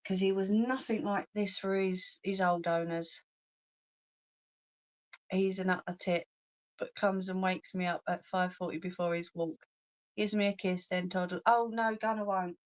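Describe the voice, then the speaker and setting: A woman's voice: medium pitch, fairly even intonation, unhurried. Chatty London woman on a livestream. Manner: chatty, laughs often, cheeky slang. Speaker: craft channel host. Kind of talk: casual livestream chat, reading comments.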